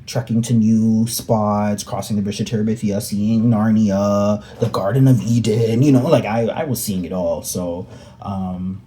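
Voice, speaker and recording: A young man telling a story to the camera, joking and animated, with many filler words. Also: lowish voice, measured pace, a little hiss or hum. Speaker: vlogger. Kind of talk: storytime vlog.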